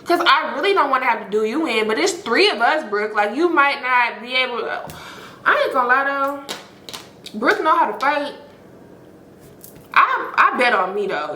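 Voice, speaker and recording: Bright-voiced woman telling a story. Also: a little high, reverberant, a little hiss or hum. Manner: animated, profane, acts out quoted lines. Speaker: storytime host. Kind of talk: casual storytelling.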